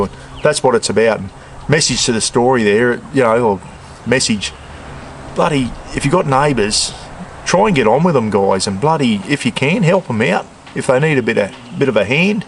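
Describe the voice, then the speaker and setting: A retired Australian bloke in his sixties chats away while he cooks on an outdoor camp stove. His talk rambles and wanders in an easygoing way, with "bloody" dropped all through it. His voice sits at an ordinary middle pitch, and faint outdoor noise hums behind him. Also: animated, normal speed. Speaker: cooking vlogger. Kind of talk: casual outdoor camp cooking chat.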